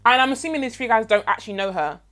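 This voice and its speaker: A woman's voice: on the high side, animated, crowd noise. A woman co-hosting a casual chat, reacting eagerly to a story. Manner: eager listener, quick reactions and laughs. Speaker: podcast co-host.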